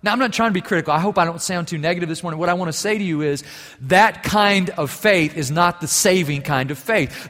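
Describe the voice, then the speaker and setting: Pastor guy preaching, kinda high voice, big echoey church hall, gets loud then soft. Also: a little fast. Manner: earnest preaching, swelling louder on key phrases, dropping soft for stories. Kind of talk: sermon. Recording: long hall reverb.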